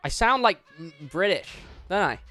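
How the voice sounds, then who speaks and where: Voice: mid-range voice, lively intonation, normal speed, pushed and bright, faint music behind. Livestreamer, casual rambling chat, swears freely, bouncy intonation, home desk mic. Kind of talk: casual live-stream chat.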